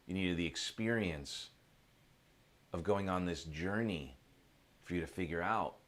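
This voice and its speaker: Man doing a calm wise old sage, deep. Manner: slow, calm, measured.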